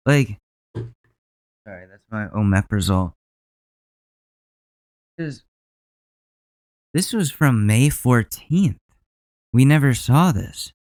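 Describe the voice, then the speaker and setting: A podcast host in a casual, rambling rant, joking and often trailing off. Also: male voice, medium pitch, lively intonation, slow, pauses often, a little mellow, no room sound.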